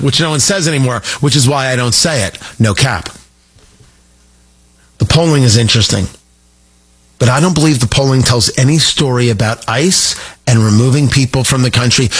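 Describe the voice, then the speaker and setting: A man's voice: mid-range voice, a bit bright, breathy edge. A man hosting a political talk radio show, delivering an emphatic, sarcastic monologue.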